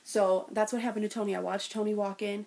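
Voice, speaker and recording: A woman's voice: mid-range voice, level tone, quick pace, creaky, mellow, a little hiss or hum. A young woman vlogging a story straight to her camera at home. She gushes and rambles, stringing everything together with "like" and "oh my God", and keeps slipping into giggles as she relives it. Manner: gushing, breathless, lots of "like" and "oh my God"; bursts into giggles when retelling. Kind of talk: excited storytelling vlog.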